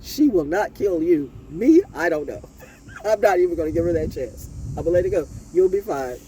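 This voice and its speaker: Animated, profane woman ranting. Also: on the low side, brisk, a little hiss or hum. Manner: animated and profane, laughing often. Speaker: vlogger. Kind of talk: unscripted ranting monologue.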